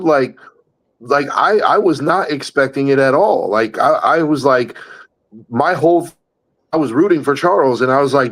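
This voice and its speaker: A man's voice: a little high, rough recording. A man co-hosting a podcast in casual chat, talking bluntly and emphatically, swearing freely. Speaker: podcast co-host.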